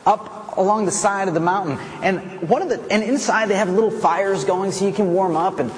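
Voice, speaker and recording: An American man giving a playful, animated storytelling talk at a conference. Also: sits high, fairly quick, long reverb tail. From United States. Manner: animated, playful, self-mocking. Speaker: conference speaker. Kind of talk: storytelling speech. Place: conference hall.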